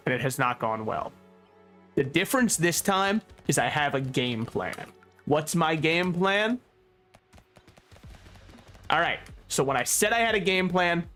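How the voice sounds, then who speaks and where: A man's voice: a little high, a bit bright. Joking man rambling over gameplay. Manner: rambling, joking, swears freely, laughs often. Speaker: gaming YouTuber. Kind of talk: casual gameplay commentary.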